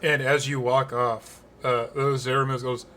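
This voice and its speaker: A man's voice: mid-range voice, level tone, unhurried, sharp tone, slight background noise. A man narrating a tabletop game as game master, rambling with many fillers and restarts.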